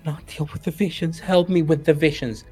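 A man's voice: fairly high pitch, flat delivery, moderate pace, mellow, slightly rough, soft background music, voice pushed up. A man voicing a desperate beggar woman who pleads frantically, sometimes in a whisper. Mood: pleading. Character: desperate young woman beggar weeping blood.

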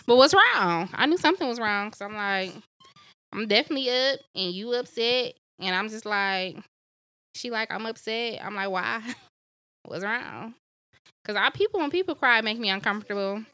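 A woman's voice: mid-range voice, brisk, no echo. A young woman co-hosting a podcast, telling candid stories in casual chat and acting out the quotes. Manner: candid, animated storytelling with acted-out quotes. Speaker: podcast co-host.

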